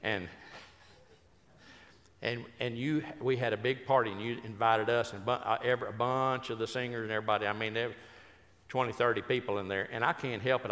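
A man's voice: medium pitch, a little fast, fairly bright tone, long reverb tail, a little hiss or hum. An older man, a Christian speaker and humorist, telling folksy, joking stories that turn earnest. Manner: folksy, joking storyteller who turns earnest. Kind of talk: humorous storytelling talk.

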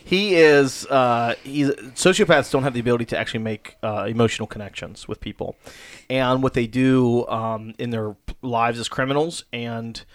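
A man's voice: medium pitch, moderate pace. A man co-hosting a podcast in casual chat, joking and blunt about hard truths. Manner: joking, self-deprecating, blunt. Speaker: podcast co-host and preacher.

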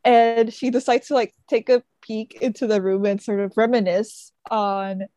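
A woman's voice: on the high side, little pitch movement, moderate pace, mellow, muffled recording. A woman podcast co-host retelling a book plot in casual chat, full of "like" and "sort of" fillers. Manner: chatty, frequent fillers like "sort of" and "like".

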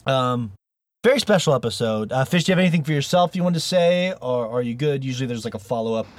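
A man's voice: medium pitch, expressive, fast. A man hosting a gaming podcast in casual chat, joking, rambling and laughing often. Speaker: podcast host.

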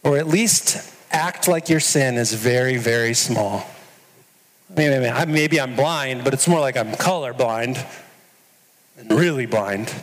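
Male pastor, sermon, earnest, unhurried delivery, long echo of a big hall. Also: mid-range voice. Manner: earnest, questioning the listeners directly.

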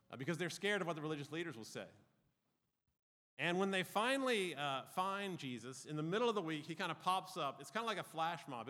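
Man, fairly high bright voice, casual Bible teacher, long hall reverb. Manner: conversational, with frequent ums and uhs.

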